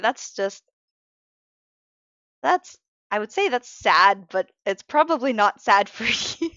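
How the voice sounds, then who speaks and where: Tired woman streamer, casual and self-interrupting, a little higher voice, dry lo-fi mic sound. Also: expressive, slow, pauses often, fairly bright tone, no echo. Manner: rambling, self-interrupting, frank about being emotional. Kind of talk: casual live-stream chat while drawing.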